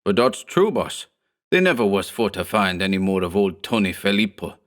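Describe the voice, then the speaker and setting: A man's voice: sits low, big pitch swings, normal speed, fairly bright tone. A man voicing a burly, superstitious immigrant thug who speaks broken English, in a horror audiobook. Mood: pleading. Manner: broken English, whining and pleading. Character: burly hog-necked male immigrant thug, superstitious, fearful.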